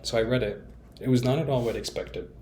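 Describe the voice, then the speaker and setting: A man's voice: medium pitch, fast talker, darkish tone, a little hiss or hum. A young man talking candidly and at length in a casual vlog monologue, rambling with fillers and restarts and poking fun at himself. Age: young adult. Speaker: vlogger.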